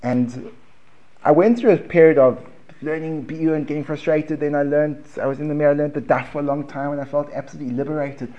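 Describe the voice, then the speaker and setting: A man with a South African accent teaching a Talmud class in a relaxed, conversational way, restarting phrases and checking in with his students. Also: a little high, quick pace, muffled recording. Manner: conversational, repeats words and restarts, asks the room questions. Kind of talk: informal classroom lecture. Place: basement classroom.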